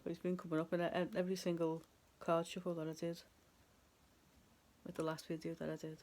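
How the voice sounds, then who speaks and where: A woman's voice: fairly low pitch, level tone, brisk, a little mellow. A woman doing a casual tarot reading to camera, chatty and rambling. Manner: chatty and rambling, laughs at herself. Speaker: tarot reader.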